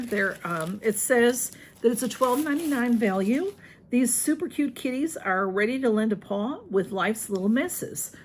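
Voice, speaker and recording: A woman's voice: mid-range voice, a little hiss or hum. A woman chatting through a home unboxing video. She gushes over each item and keeps talking to her cats. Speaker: unboxing vlogger. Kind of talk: casual unboxing chat.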